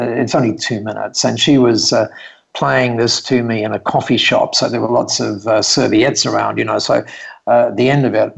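Gravelly, husky man telling a story. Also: on the low side, poor audio. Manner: rambling, many ums and restarts. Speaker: business mentor, guest. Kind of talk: storytelling in casual conversation.

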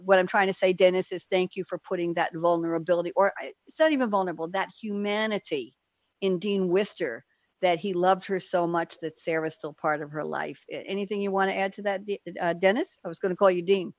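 A woman's voice: lowish voice, steady tone, brisk, dry recording. A woman hosting an interview at home, chatty and openly emotional. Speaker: host. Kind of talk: casual interview chat.

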